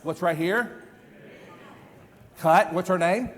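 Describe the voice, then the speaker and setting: A man in his fifties giving an energetic live stage demonstration as a memory trainer, quizzing the audience with repeated questions. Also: sits high, slow pace. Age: 50s. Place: large event hall. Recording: long hall reverb.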